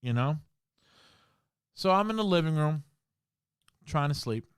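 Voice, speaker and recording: A man hosting a podcast, telling a ghost story in casual talk full of swearing and slang, dropping to a hush in the scary parts. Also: on the high side, expressive, unhurried, clean tone, no echo, studio quality. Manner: swearing, slangy, full of "bro" and "you know"; drops to a hushed voice in the scary parts. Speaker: podcast host.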